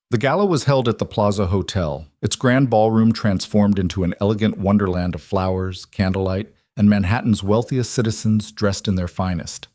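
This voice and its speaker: Low-voiced man narrating a romance story. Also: moderate pace, hardly any pauses, darkish tone, no echo, studio quality.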